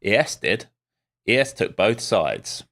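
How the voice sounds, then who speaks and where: A man's voice: on the low side, big pitch swings, slow, creaky, fairly bright tone. A man streaming live as a day trader, giving casual, wry commentary with muttered asides to his viewers.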